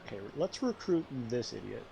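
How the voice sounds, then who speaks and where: Profane animated game streamer man. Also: medium pitch, a little fast, vocal fry, background noise. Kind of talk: casual gameplay commentary.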